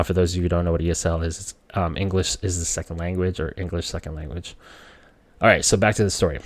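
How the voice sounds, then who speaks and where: A Filipino man with a low voice shares a personal story in a relaxed, chatty way, recorded dry and close with no room sound. His voice jumps high whenever he quotes himself as a child.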